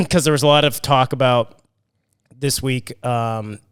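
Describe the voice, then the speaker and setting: A young adult man co-hosting a podcast, relaxed and profane in casual chat. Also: medium pitch, measured pace, clean tone. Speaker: podcast co-host.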